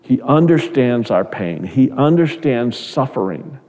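Middle-aged male pastor, earnest sermon delivery, mellow tone, reverberant hall sound. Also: very animated, measured pace. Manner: earnest, repeats words, rises in pitch when quoting others.

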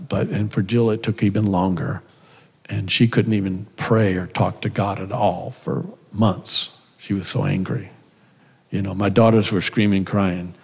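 A man's voice: on the low side, vocal fry, a little mellow, slightly rough. A middle-aged man, a minister, speaking at a seminar in a fervent, rambling way full of asides and restarts. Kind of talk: seminar talk from a stage. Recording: echoey hall.

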